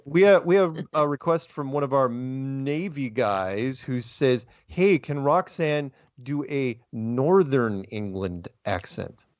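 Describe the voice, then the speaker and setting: An easygoing male host at a middling pitch who asks loose, rambling questions. The sound is dry and close, dull and lo-fi. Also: expressive, takes it slowly, hardly any pauses, a little mellow, dry recording. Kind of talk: casual video call interview.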